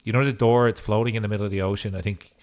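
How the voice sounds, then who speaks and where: A man's voice: fairly low pitch, fairly even intonation, rapid-fire, a little mellow. A man giving casual gameplay commentary as a streamer, in a goofy mood with joking asides. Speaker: gaming streamer.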